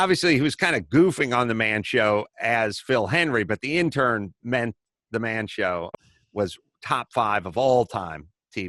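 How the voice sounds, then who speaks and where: Lowish, dry-voiced male talk host. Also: no echo. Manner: animated storyteller acting out quoted voices; swears casually. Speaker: podcast host. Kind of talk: casual storytelling chat.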